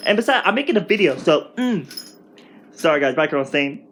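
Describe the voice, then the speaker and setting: Twenty-something guy ranting casually at home, kinda high voice, rambly and worked up. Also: normal speed. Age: 20s. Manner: rambling, excitable, many restarts. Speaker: vlogger. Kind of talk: casual storytime rant.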